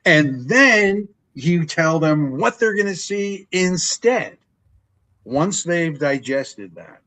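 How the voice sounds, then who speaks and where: An older man, a longtime ring announcer, telling stories in a relaxed interview and acting out what people said. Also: slow pace, low-quality recording. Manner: animated storyteller, acts out quotes with big pitch jumps. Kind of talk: storytelling interview chat.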